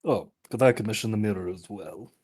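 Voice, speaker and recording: Male player, low husky voice, lively pitch, wry delivery. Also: fairly quick. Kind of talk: playing a tabletop game in character.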